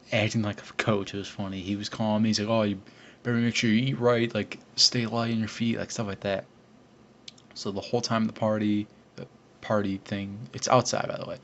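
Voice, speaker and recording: Teen guy rambling thru a school story, kinda low voice, muffled lo-fi sound w/ a bit of hiss. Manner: rambling, frequent fillers and restarts. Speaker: vlogger. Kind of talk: casual storytelling. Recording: dull lo-fi recording with faint hiss.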